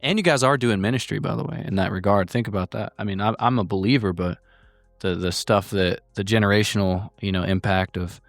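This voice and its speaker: A man's voice: lowish voice, steady tone, a little fast, no echo, clean studio sound. A man on a podcast, speaking earnestly and affirming the hosts in casual chat. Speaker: podcast guest.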